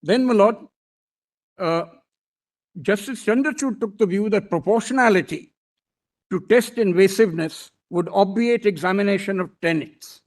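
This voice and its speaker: High-voiced older man arguing in court. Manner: formal and deferential, repeatedly saying "my lord", with pauses and restarts. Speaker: senior advocate arguing before a court. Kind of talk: courtroom oral argument.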